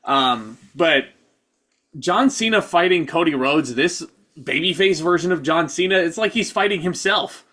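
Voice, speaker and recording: A man co-hosting a casual wrestling review, talking in a relaxed, hesitant way. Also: fairly high pitch, a little slow. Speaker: podcast co-host.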